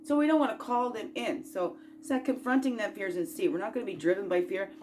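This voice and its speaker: A woman hosting a casual self-growth chat, folksy and encouraging, rambling through asides and rhetorical questions, sometimes bursting out loud and sometimes dropping to a murmur. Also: medium pitch, quick pace, faint music behind. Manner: swings between loud bursts and quiet murmurs. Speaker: spiritual self-growth host.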